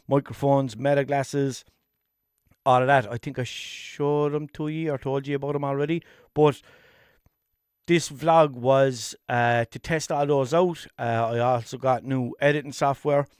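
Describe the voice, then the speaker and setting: A man's voice: medium pitch, smooth, no echo, clean studio sound. A man with a Limerick Irish accent hosting a solo comedy podcast, rambling and self-mocking, swearing casually. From Ireland. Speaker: podcast host.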